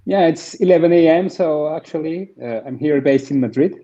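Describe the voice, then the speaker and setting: A man's voice: on the high side, normal speed, dark tone, lo-fi sound. A man joining as a guest on a video call, polite and easygoing.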